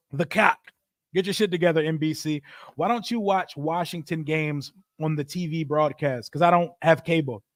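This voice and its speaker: A man's voice: on the high side, no echo, studio quality. A man hosting a live football watch stream, reading chat aloud and calling plays in a loose, profane, joking way. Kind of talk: casual live reaction and play-by-play.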